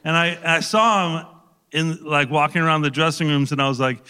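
A man, an actor guest, telling an animated anecdote on a talk show, laughing and swearing now and then. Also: a little high, brisk, clear, resonant tone, long reverb tail.

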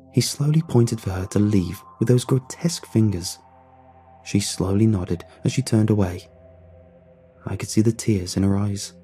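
Dark, husky male horror narrator. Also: fairly low pitch. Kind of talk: first-person horror story narration.

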